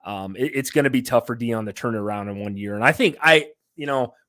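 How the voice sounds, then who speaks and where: A man hosting a casual sports podcast on a headset, excitable and loud, swearing freely. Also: medium pitch, quick pace. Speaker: podcast host.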